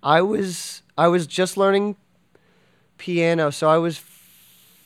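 A man's voice: fairly high pitch, fairly even intonation, slow, clear, resonant tone, dry recording, studio quality. A man who drums, a guest in a casual interview, talking with enthusiasm, rambling with many fillers and restarts. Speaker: drummer and podcast guest.

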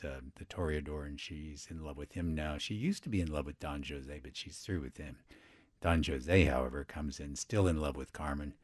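Man, extremely low voice, dry studio sound, chatty classical radio host. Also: darkish tone, dry recording. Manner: chatty, conversational, with fillers. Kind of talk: relaxed radio presenting. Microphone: studio microphone.

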